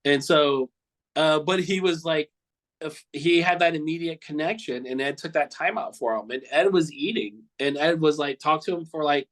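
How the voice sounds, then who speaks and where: A man's voice: a little high, moderate pace, a bit bright, rough recording. A man recounting memories of a friend in a casual, heartfelt interview, rambling and swearing now and then. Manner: earnest, repeats himself often. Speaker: cartoonist guest.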